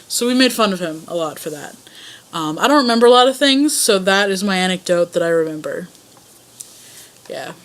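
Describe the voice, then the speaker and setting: A woman's voice: lowish voice, expressive, brisk. A young woman casually answering a voice tag, telling rambling stories in a self-conscious way. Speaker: vlogger.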